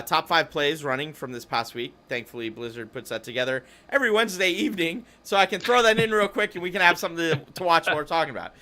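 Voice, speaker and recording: A man's voice: on the high side, bright, forceful tone, clear, resonant tone. A man hosting a casual esports podcast, rambling and cutting himself off as he chats. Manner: rambling, self-interrupting, chatty. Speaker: podcast host.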